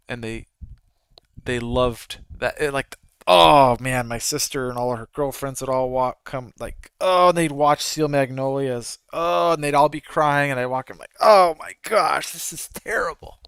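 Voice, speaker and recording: A man's voice: mid-range voice, fairly bright tone, clear, resonant tone, no room sound, poor audio. A man giving casual, rambling live commentary while trading futures, talking straight to his viewers. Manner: rambling, conversational, frequent restarts. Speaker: futures trader streaming live.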